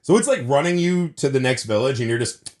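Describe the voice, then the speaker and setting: A man's voice: medium pitch, very animated, fairly quick. A man co-hosting a podcast, ranting about a movie in casual, profane chat and sore from surgery wounds. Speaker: podcast co-host.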